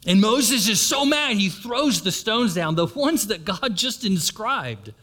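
A man's voice: sits high, very animated, takes it slowly, pushed and bright. A man preaching a sermon, retelling a story and turning to the congregation with asides. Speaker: pastor.

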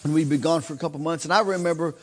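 A man preaching a sermon in a church, telling stories with animated delivery. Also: on the high side, very fast, slight background noise. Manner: animated, acts out shouting in stories. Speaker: guest preacher. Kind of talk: sermon with storytelling. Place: church sanctuary.

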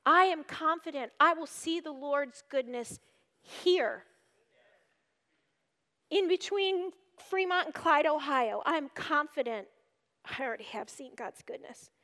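A woman giving an earnest devotional teaching, reading scripture aloud and explaining it, shifting between urgent emphasis and hushed tones. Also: high voice, expressive, slow. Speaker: speaker at a church gathering. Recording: reverberant hall.

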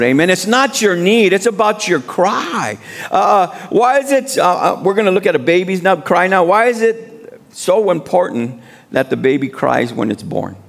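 A man preaching a sermon as guest speaker in a church, building to shouted appeals and call-and-response. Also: fairly high pitch, creaky.

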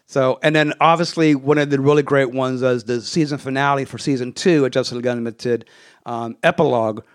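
A man's voice: medium pitch, fairly quick, clean tone. A man hosting a casual chat, eagerly retelling cartoon scenes and acting out bits of the dialogue. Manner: animated retelling with acted quotes. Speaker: podcast host.

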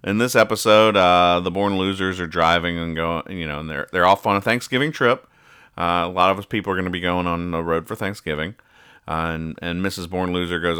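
Male podcast host, rambling jokey delivery; deep and bright, dry close mic. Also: steady tone, a little fast, clean tone, no echo. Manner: rambling, jokey, stumbles and restarts. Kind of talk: casual comic-reading chat.

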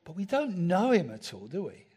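A man's voice: sits high, huge pitch swings, moderate pace, warm tone, husky. A man preaching a sermon in a church, talking conversationally and asking the congregation rhetorical questions. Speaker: pastor.

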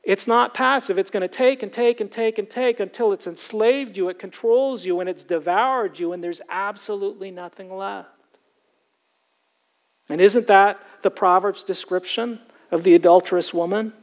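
High-voiced man preaching earnestly. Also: moderate pace, poor audio. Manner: earnest, emphatic preaching with repeated direct address. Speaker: pastor. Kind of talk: sermon.

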